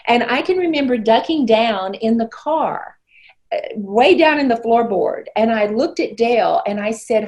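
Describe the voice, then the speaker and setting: A woman's voice: fairly high pitch, animated, unhurried, darkish tone, lo-fi sound. A woman in her sixties, from Arkansas, earnestly telling her personal story as an interview guest. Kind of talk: personal testimony in conversation.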